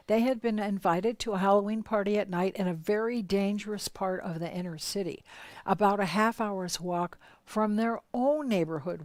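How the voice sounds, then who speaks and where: A woman telling a spiritual story in a lively, dramatic way, with sudden shifts in loudness. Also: mid-range voice, no room sound.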